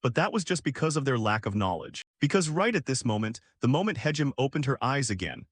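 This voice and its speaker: A man narrating a story recap in a scripted storytelling style, lifting his pitch for the characters' lines. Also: very animated, brisk, no room sound, clean studio sound.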